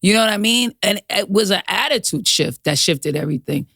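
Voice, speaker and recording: Laid-back woman with a gravelly voice. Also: medium pitch, expressive, brisk, fairly bright tone, no room sound, clean studio sound. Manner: laid-back, slangy, swearing, laughing often. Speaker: guest comedian. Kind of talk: casual chat.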